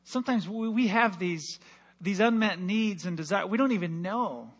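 A high-pitched man preaches a sermon from the pulpit of a church. He tells his story with fervor, rising loud and then falling to a hush. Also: expressive, moderate pace. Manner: impassioned storytelling, swings from loud to hushed. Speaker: pastor.

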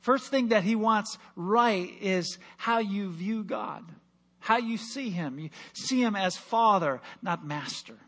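A man preaching a sermon in church, telling a personal story with passion and dropping from loud to hushed. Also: high voice, takes it slowly. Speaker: pastor.

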